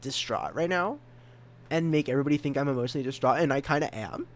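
A young man in his twenties talking alone on his podcast. He rambles and mocks himself, trips over and repeats his words, and keeps jumping into sudden loud, high bursts. His voice sits at an ordinary pitch for a man. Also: quick pace. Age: 20s. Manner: rambling, self-mocking, stumbles and repeats words; animated jumps in pitch and volume. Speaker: podcast host. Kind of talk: casual solo podcast rambling.

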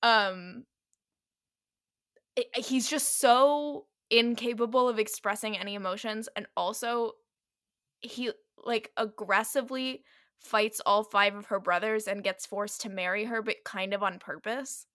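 A woman co-hosting a podcast, recapping a book in casual chat with animated, laughing asides. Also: mid-range voice, unhurried, dry recording, clean studio sound. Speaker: podcast co-host.

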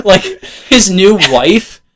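A young man chatting casually on a gaming podcast, his voice sitting a touch high. He laughs often, swears freely and acts out lines of game dialogue as he tells them. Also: lively intonation, slow, sharp tone, low-quality recording. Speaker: podcast co-host. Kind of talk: casual chat about video games.

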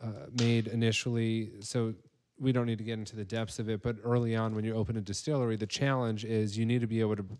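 A man's voice: lowish voice, level tone, fast, few pauses, darkish tone. A man hosting a casual podcast chat, rambling and full of fillers. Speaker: podcast host.

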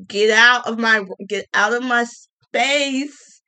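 A woman ranting casually to her viewers, sassy and animated, with colloquial speech, repeated words and mocking quoted voices. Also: fairly high pitch, normal speed. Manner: colloquial, with many restarts and repeats. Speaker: vlogger. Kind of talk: casual rant to camera.

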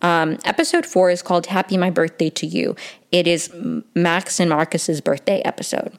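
A young woman with a low voice talks through a TV season in a casual, chatty recap. She fills her sentences with "like" and drops into quick quoted asides as she goes. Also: steady tone. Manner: chatty, says "like" often, quick quoting asides. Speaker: TV recap reviewer.

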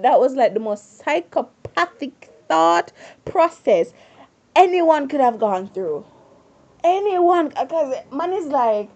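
A woman casually retelling a drama in a dramatic, slangy way with excited asides. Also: high-pitched, slow, highs cut off. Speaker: storyteller recapping a drama.

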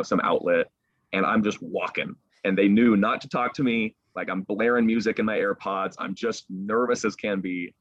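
A young man, a sports broadcaster, excitedly retelling a story as an interview guest over a video call, acting out quotes as he goes. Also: sits low, dry recording, highs cut off. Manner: animated, excited retelling with quick acted quotes.

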